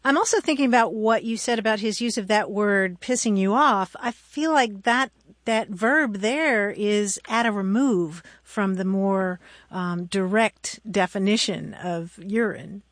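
A woman's voice: medium pitch, a little slow, no echo. A female radio co-host, friendly, asking questions and inviting listener calls. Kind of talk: radio talk.

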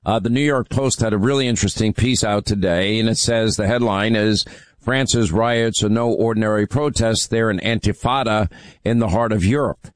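Emphatic radio host, dry sound. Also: male voice, on the low side, normal speed, no room sound. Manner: emphatic, frequent uh fillers. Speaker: radio talk show host. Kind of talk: call-in radio talk.

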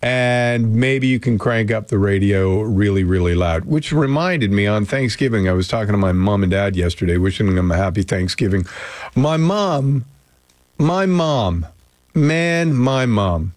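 Chatty and self-deprecating, this radio host rambles through a casual morning show, talking to listeners and his co-hosts in the studio. His voice sits on the low side with a darkish tone, lively intonation, and a measured pace. A studio mic gives a dry recording.

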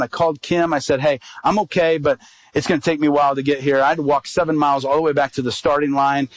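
A man's voice: fairly high pitch, no echo, poor audio. A middle-aged man, an evangelist, telling a personal story in a sermon and acting out the quoted dialogue.

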